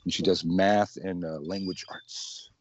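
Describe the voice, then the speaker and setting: Low-ish guy chatting on a video call, laughs a bunch, dull dry audio. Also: steady tone, unhurried, a crowd in the background. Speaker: guest witchcraft teacher. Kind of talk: casual video-call chat.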